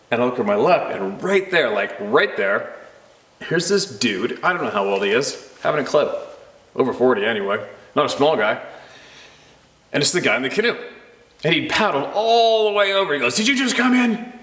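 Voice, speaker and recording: A man casually telling a personal story with animated energy, laughing often and acting out the voices of the people in it. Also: mid-range voice, brisk, echoey room. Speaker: storyteller recounting a personal encounter. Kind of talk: casual spoken anecdote.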